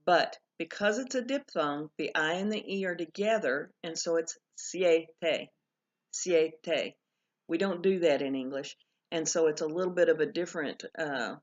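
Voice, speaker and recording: A woman teaching a Spanish class in a recorded video lesson, explaining patiently and correcting herself as she goes. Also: deep voice. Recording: dull lo-fi recording.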